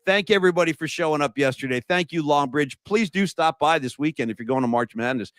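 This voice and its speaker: Animated man telling stories. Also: a little high, fast talker, dry recording. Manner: animated storyteller, says "dude" often. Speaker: podcast host. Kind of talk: casual podcast chat.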